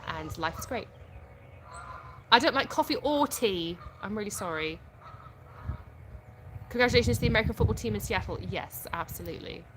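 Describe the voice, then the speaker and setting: A fairly low-pitched British woman hosts a casual live stream from her home in the UK, with a noisy background behind her. She reads viewer comments aloud and answers them frankly, laughing often.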